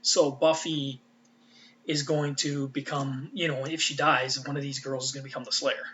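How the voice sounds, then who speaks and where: A man's voice: mid-range voice, little pitch movement, moderate pace, sharp tone, highs cut off, a little hiss or hum. A man giving a casual, rambling fan recap. He swears freely and often trails off and restarts. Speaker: fan commentator.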